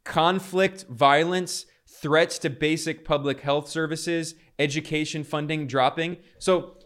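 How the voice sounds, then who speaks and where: Dude doing heated political commentary, kinda higher voice, trips over words a lot. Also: male voice, steady tone, takes it slowly, a bit bright. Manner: fervent, critical, frequent restarts. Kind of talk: casual commentary over clips.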